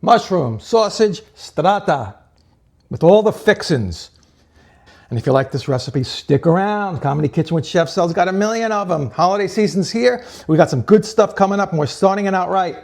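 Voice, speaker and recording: A chatty man hosts a cooking demonstration, cracking jokes as he works. His voice sits a bit higher than most men's. He calls his viewers folks and plugs a sponsor with real enthusiasm. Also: animated, moderate pace. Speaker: cooking show host.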